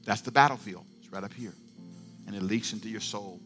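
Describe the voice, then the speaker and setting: A middle-aged male pastor preaching a sermon, moving from quiet storytelling to fervent call-and-response shouting. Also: lowish voice, fairly quick, soft background music.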